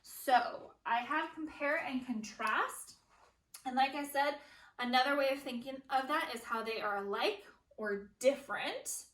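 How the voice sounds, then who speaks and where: A young woman teacher models writing for young students, slowly sounding out each word as she writes it. Her voice is bright and a little high, and it sounds roomy and echoey from a bit off the mic. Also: recorded from a distance. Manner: slow, deliberate, says each word aloud as she writes it.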